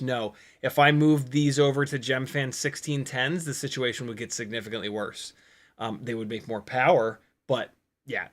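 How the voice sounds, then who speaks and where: Slow-talking man explaining. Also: medium pitch, a bit bright. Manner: thinks aloud through technical details. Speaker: livestream host. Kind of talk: casual livestream Q&A. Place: at home by his computer.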